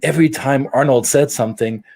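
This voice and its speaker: A middle-aged man from Germany, telling stories in a casual podcast chat, animated and prone to restarts. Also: medium pitch, fairly quick. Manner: animated storyteller with frequent restarts. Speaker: podcast co-host.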